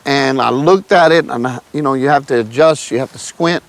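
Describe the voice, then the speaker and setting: A man's voice: medium pitch, a little fast, vocal fry. A man, telling his testimony in a casual, emotional way and often calling the listener "man". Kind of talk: casual storytelling.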